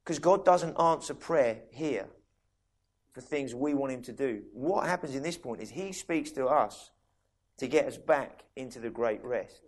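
A man's voice: medium pitch, expressive. A man preaching a sermon in a conversational way, restarting sentences and asking listeners questions. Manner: conversational, with many quick restarts and asides to listeners.

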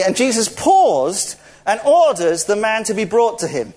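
A man's voice: high-pitched, normal speed. A man preaching in a church service, telling a story with jokes and laughter while directing volunteers. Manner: jokey, laughs often, animated storytelling. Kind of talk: playful interactive sermon, directing volunteers.

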